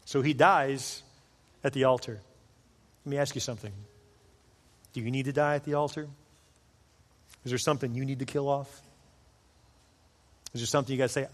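Animated preacher in a reverberant hall. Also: male voice, a little high, brisk. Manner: animated storyteller, acts out characters with voices. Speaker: pastor. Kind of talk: sermon.

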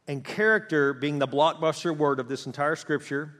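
A middle-aged male pastor preaching with passion, his fairly high voice leaping from loud, quick bursts to hushed, slow lines. The sound carries a long hall reverb around him. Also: fairly even intonation. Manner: passionate preaching with big swings in loudness and pace. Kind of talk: sermon.

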